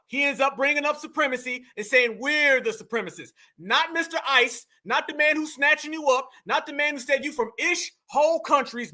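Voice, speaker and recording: Male commentary host, very high pitch, confrontational preachy delivery. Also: bright, forceful tone. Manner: preachy, confrontational, keeps calling listeners "fam". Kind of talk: heated reaction commentary.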